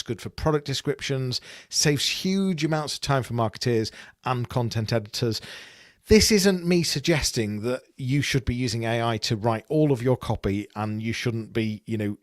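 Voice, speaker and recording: A man's voice: mid-range voice, no echo, clean studio sound. A man co-hosting a business podcast, talking casually with frequent restarts and repeated words. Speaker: podcast co-host.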